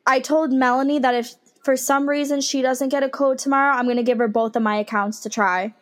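This young podcast co-host has a high-pitched, steady voice and a brisk delivery. In a relaxed chat with friends, she curses freely, reads posts out loud, and hiccups along the way. Her mic is on a headset.

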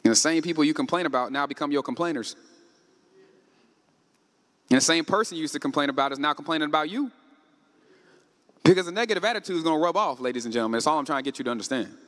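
A man preaching a sermon, asking the congregation questions and rising to shouts. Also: on the high side, fast talker, long pauses. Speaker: pastor. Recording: echoey hall with long reverb.

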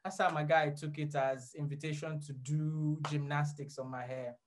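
A man telling a story as a guest in a casual chat, rambling and animated, often laughing as he talks. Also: fairly high pitch, moderate pace, slight background noise.

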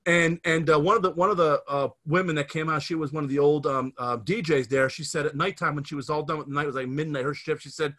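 A man in his fifties with a bright, forceful voice pitched a little high chats on a podcast. He tells a long, rambling story and keeps restarting his sentences. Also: fairly even intonation, quick pace, few pauses. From Scranton area, Pennsylvania. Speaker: podcast host. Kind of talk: casual podcast chat.

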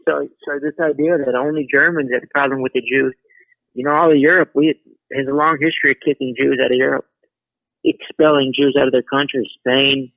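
A man's voice: mid-range voice, fairly even intonation, brisk, creaky, no room sound. A man calling in to a talk show, rambling and repeating himself. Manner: rambling, repeats words, drawling. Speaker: caller. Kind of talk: casual call-in banter. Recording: tinny phone line.

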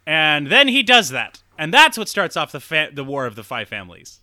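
Animated man rambling through a film recap. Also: a little high, fairly quick, few pauses, no echo, clean studio sound. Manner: rambling, animated retelling with acted-out quotes and swearing. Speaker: podcast co-host. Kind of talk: casual film recap chat.

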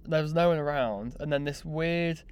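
A young man telling a personal story in a casual, animated, self-mocking way. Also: fairly high pitch, normal speed, clean tone. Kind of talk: casual anecdote monologue.

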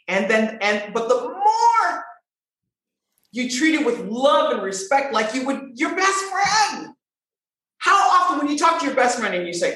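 Very echoey, animated woman voice coach. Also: sits high, a little slow. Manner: expressive, swooping emphatic delivery. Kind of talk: animated conversational talk. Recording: very echoey room.

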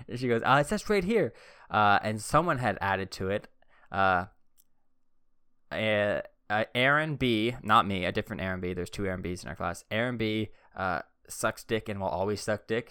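A man's voice: sits low, pushed and bright, dry recording, clean studio sound. A man in his thirties telling stories in a casual, rambling, laid-back way, with many fillers. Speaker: vlogger. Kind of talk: casual storytelling.

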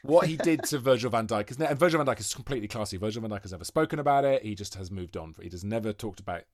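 A man, recorded dry and close. He tells stories in casual podcast chat, animated and swearing, often breaking into laughs. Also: fairly low pitch, very fast, no room sound. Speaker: podcast guest.

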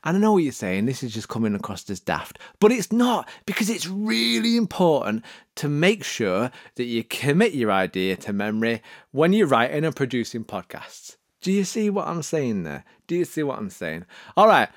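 Delivered at normal speed in a very animated mid-range voice, the monologue offers podcast production tips wrapped in theatrical, mock-serious humor and sudden vocal swoops. It's a comic tutorial, captured with dry, clean studio sound.

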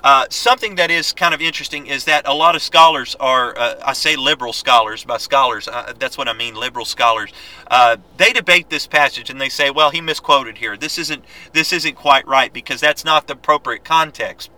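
A man teaching a Bible lesson, reading scripture aloud and exhorting his listeners in an earnest, quick-paced way with frequent restarts. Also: mid-range voice, bright, forceful tone, poor audio.

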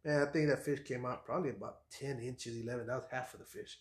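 A man, a fishing guide on a podcast, telling stories in a casual, lively way and acting out what people said. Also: medium pitch, quick pace, reverberant. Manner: animated storyteller, acts out quotes, laughs often. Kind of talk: casual storytelling chat.

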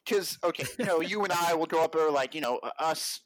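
A man's voice: a little high, a little fast, no room sound. Slangy, laughing young man storyteller. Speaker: podcast guest. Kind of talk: casual storytelling chat.

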